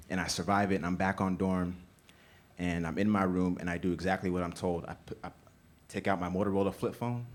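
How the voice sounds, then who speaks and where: Earnest low-voiced male storyteller. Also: darkish tone. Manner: earnest, rhythmic delivery. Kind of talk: live storytelling. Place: small theater stage.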